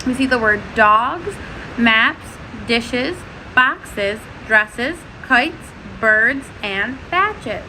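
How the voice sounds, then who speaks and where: A woman teaching a first-grade phonics lesson, sounding out letters and words slowly and clearly. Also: on the high side, expressive, pushed and bright, a little hiss or hum, poor audio.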